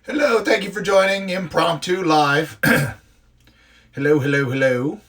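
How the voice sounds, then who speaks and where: A man in his forties chatting excitedly through an impromptu live unboxing, gushing and talking with many fillers. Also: fairly high pitch, measured pace. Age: 40s. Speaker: live streamer unboxing grooming products.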